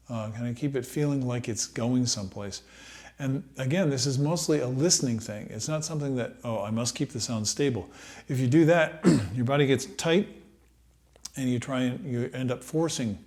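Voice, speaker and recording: A middle-aged man giving a relaxed trumpet lesson, thinking aloud with many pauses and fillers. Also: medium pitch. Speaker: trumpet teacher. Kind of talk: relaxed practice-room lesson.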